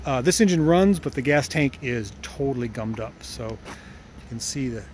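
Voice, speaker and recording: This car restorer's voice is mid-range and darkish, with lively intonation at a normal speed, and there's slight hiss or hum. Hosting his channel's casual vlog, he walks around his home workshop and driveway, rambling about the restoration, fixing his own slips, and showing fondness for the cars.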